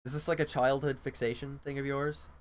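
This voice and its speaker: A man's voice: mid-range voice, level tone, a little fast. A man hosting a livestream, chatting casually in a rambling, self-deprecating, flustered way. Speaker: livestream host. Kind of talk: casual chat.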